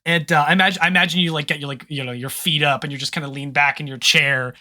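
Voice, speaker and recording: A game master narrating an improvised tabletop role-play in a relaxed, rambling way. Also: mid-range voice, fast talker. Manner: relaxed, rambling, laughs often.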